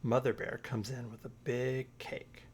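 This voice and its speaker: A father reading a children's storybook aloud in a gentle, measured way. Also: mid-range voice, level tone, slight background noise.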